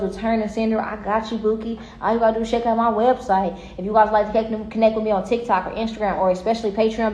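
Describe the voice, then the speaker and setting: A woman reading tarot in a loose, casual monologue, blunt and full of swearing as she tells her stories. Her voice is mellow and dark-toned. The sound is roomy and a little dull. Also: mid-range voice. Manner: blunt, heavily profane, animated storytelling. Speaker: tarot card reader.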